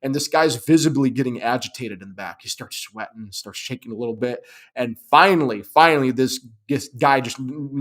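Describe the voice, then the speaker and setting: Man, security trainer, live-stream host, emphatic, conversational, mid-pitched voice. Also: animated, moderate pace, fairly bright tone. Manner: emphatic, conversational, keeps asking "okay?". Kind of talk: live-stream teaching talk.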